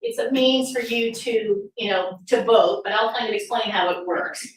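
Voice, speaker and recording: A woman's voice: a little high, a bit bright. A woman giving a presentation to an audience, sarcastic and full of rhetorical questions. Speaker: speaker at a political summit. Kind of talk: presentation talk. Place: meeting room with audience. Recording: very echoey room from far off, faint noise.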